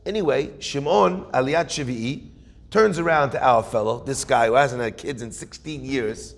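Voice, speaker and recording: A rabbi telling a story in a sermon, animated, acting out characters with punchy asides. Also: male voice, medium pitch, normal speed, creaky.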